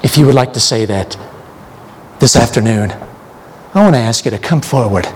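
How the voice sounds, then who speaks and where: A man's voice: medium pitch, darkish tone, a little hiss or hum. A man preaching a sermon, building to emphatic repeated appeals, then leading an altar call and prayer. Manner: slow, with rising emphatic repetitions.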